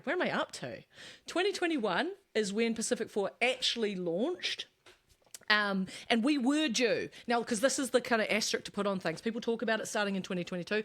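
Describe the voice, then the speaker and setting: A woman co-hosting a podcast, explaining things casually with asides and quick self-corrections. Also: mid-range voice, fairly bright tone. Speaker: podcast co-host.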